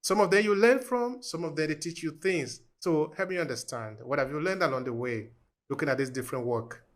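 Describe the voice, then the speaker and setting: A male podcast host asking measured, polite questions and closing the show. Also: a little high. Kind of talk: interview questions and show outro.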